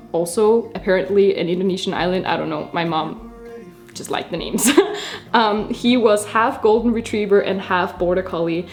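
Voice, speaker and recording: A woman in her twenties from Denmark, chatting casually and rambling with frequent laughs while doing her makeup for a vlog. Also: mid-range voice. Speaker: beauty vlogger. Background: soft background music.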